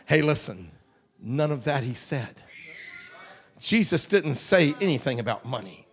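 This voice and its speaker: A man preaching a revival sermon, swinging from hushed, quiet lines to shouted whoops. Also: medium pitch, sing-song, unhurried, long pauses, slightly rough.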